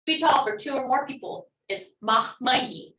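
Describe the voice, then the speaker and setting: Woman teacher, upbeat, kinda high voice, echoey room, mic a bit far off. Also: moderate pace, crowd noise. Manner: upbeat, encouraging, models words for repetition. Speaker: language teacher. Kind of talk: online language class.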